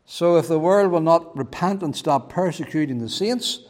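A man preaching a sermon with fervent emphasis, his voice rising to loud, emphatic peaks. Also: a little high, lively intonation, normal speed, big-room sound.

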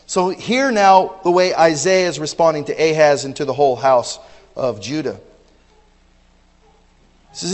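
A man delivers a sermon in a fairly high voice, taking his time over each phrase. He jumps from loud, urgent cries to quiet, low asides and restarts with repeated words. His voice rings with a long reverb in a large hall. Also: a little slow. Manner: emphatic, swings between loud exclamations and low asides. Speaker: preacher.

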